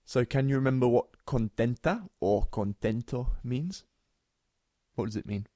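A man co-hosting a language podcast, patiently explaining Spanish phrases and repeating them slowly. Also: mid-range voice, animated, warm tone, no echo, studio quality.

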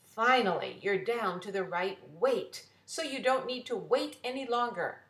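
A woman voicing an impatient, grumpy male ticket worker at a fair, gruff and bossy. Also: mid-range voice, expressive, measured pace, a bit bright. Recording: roomy echo.

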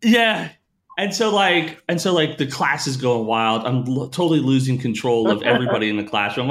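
Animated man telling a funny story. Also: mid-range voice, brisk. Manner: animated, laughs a lot, acts out quoted voices. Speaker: guest storyteller, corporate trainer. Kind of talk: casual storytelling on a podcast.

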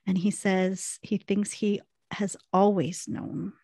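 A woman co-hosting a podcast, retelling a TV episode in a quick, animated way. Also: medium pitch, gravelly, no echo. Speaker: podcast co-host recapping a TV episode. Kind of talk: casual recap storytelling.

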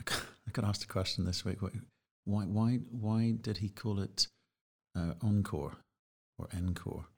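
A man with a low voice hosts a casual interview. He talks in a measured, reflective way and often restarts his phrases as he works through a point. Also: fairly even intonation.

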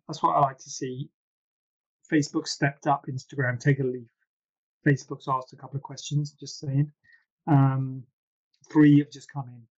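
In a medium-pitched, darkish voice on dull-sounding audio, a male plastic surgeon answers questions from viewers. The live session is casual and meandering, peppered with self-mocking side comments.

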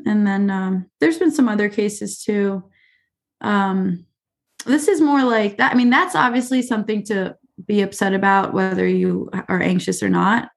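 A woman's voice: mid-range voice, moderate pace, gravelly. A young adult woman teacher telling stories in a casual interview, chatty and full of fillers like "like" and "you know.". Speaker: teacher, podcast guest.

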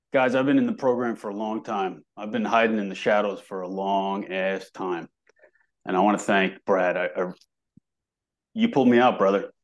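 A man's voice: on the low side, highs cut off. A man in a group call giving an emotional, heartfelt tribute, swearing freely. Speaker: program member.

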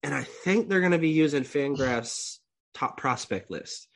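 A man's voice: fairly high pitch, unhurried, a bit bright. Congested young man. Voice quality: swears freely, clears throat often. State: congested, coughing. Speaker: podcast co-host. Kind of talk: casual chat.

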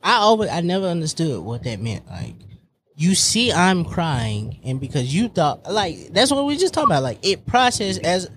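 A man talking in a casual group conversation, animated and joking, laughing often as he opens up. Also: on the high side, normal speed, slight background noise. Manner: animated, laughs often, jumps between jokes and confessions.

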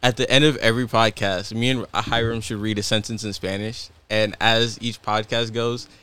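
A man's voice: on the low side, normal speed, clean tone. A young man co-hosting a podcast, chatting casually and acting out other people's lines as he tells stories. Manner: animated storyteller who acts out other people's lines. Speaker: podcast co-host. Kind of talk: casual chat.

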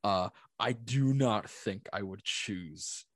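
A man's voice: lowish voice, slow pace, no room sound. A man co-hosting a podcast, chatting casually about a book with joking asides. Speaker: podcast co-host.

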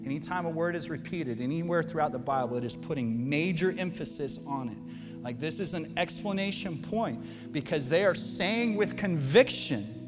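A man preaching a sermon as pastor, talking in a conversational, animated way that builds to impassioned emphasis. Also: a little high, moderate pace, in a large hall, over loud music. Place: church auditorium.

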